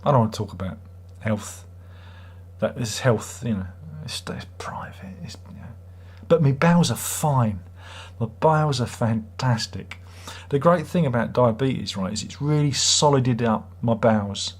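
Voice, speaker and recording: With a husky mid-range voice and lively intonation, a middle-aged British man chats on his livestream at a moderate pace. His talk rambles, and he pokes fun at himself with a wry edge.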